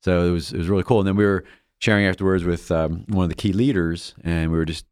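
A man's voice: low-pitched, quick pace, clear, resonant tone, no room sound, clean studio sound. A man co-hosting a faith reflection show, telling a story in casual chat and acting out the voices of the people in it. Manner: animated storyteller, acts out quoted voices, restarts often.

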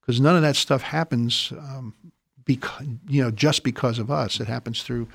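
A man co-hosting a faith reflection show, talking in a gentle, reflective way in casual chat. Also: medium pitch, fairly even intonation, moderate pace, gravelly, dry recording, studio quality. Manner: reflective, gentle, with fillers and brief affirmations.

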